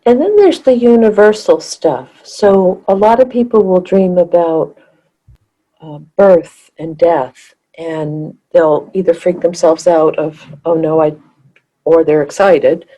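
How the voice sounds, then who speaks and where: A woman explaining ideas calmly in a casual podcast conversation. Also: on the low side, slow. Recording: dull lo-fi sound.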